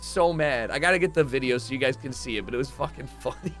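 A young man streaming, telling a story casually to his chat, swearing freely and acting out the moments, rising to shouts. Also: mid-range voice, fast, soft background music.

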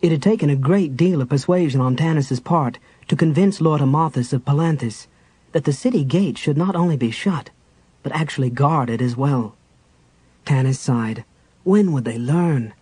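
Male audiobook narrator, breathy tone, steady storyteller pacing. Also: on the high side, no room sound, poor audio. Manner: even, storytelling delivery.

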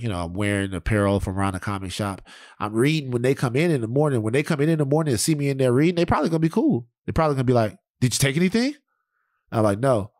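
Profane, rambling podcast host. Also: male voice, fairly low pitch, a little mellow, dry recording, studio quality. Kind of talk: casual podcast chat.

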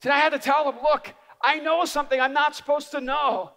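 High, bright-voiced man preaching. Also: brisk. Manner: animated storytelling with humor. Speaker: speaker. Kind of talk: sermon. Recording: reverberant live hall.

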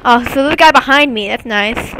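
High bright excitable woman gamer. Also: a little fast, a little hiss or hum. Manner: excitable, taunting, talks to viewers. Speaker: gameplay commentator. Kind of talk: casual game commentary.

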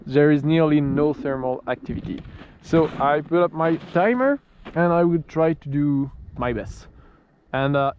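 A man's voice: fairly high pitch, highs cut off, a little hiss or hum. A man with a French accent, chatting casually as he flies a glider outdoors in the snow, laughing often and restarting his sentences. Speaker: RC glider pilot and vlogger. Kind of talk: casual running commentary while flying. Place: outdoors on a snowy, freezing field.

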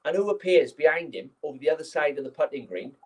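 A man telling an anecdote as a guest speaker, lively and acting out the scenes as he goes. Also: a little high, fast talker, poor audio. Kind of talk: anecdotal storytelling.

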